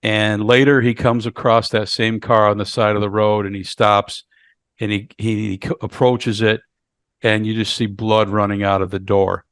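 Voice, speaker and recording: A man's voice: lowish voice, flat delivery, fairly bright tone, smooth, dry recording, clean studio sound. A man co-hosting a podcast, casually recapping a horror movie and often repeating words as he goes. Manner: halting, repeats words while recapping the plot. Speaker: podcast co-host. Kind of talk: casual movie review chat.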